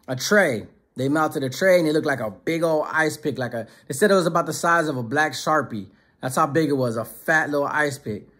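Husky guy telling a street story casual, slangy, voice a bit high. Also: fairly bright tone. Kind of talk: casual prison story narration.

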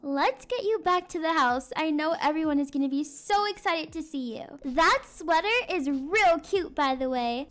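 A young woman voicing a sassy, animated mom in a game roleplay. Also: high-pitched, moderate pace, hardly any pauses.

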